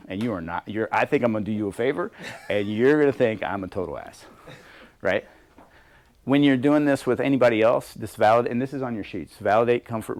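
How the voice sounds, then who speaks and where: A middle-aged man leading a workshop on leadership, talking in a lively way and acting out bits of dialogue in different voices. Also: on the low side. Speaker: leadership coach. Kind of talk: workshop talk. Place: workshop room with a small group.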